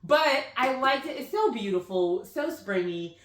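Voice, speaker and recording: A woman chatting casually about books she read, animated and full of "like" fillers. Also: on the high side, measured pace, reverberant. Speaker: book vlogger. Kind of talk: casual book review chat.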